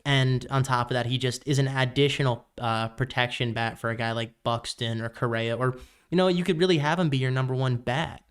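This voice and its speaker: A man's voice: mid-range voice, brisk, hardly any pauses, clear, resonant tone. A young man co-hosting a podcast, chatting casually and a bit rambling about baseball, with the hiccups. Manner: relaxed, rambling with fillers. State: has the hiccups. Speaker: podcast co-host. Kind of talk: casual sports chat.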